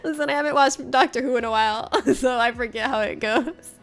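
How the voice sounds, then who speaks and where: Chatty laughing woman, a bit high. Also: fairly quick, faint music behind. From Florida. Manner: chatty, laughs often while telling stories. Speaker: livestreamer. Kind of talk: casual chat with viewers during a game stream.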